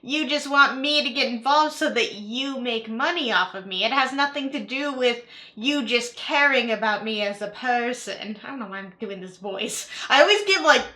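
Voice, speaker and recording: A woman's voice: on the high side, moderate pace, bright, forceful tone. A young woman giving casual reaction commentary as a YouTuber, chatty and full of "like" fillers. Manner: chatty, filler-heavy with frequent "like", repeats herself.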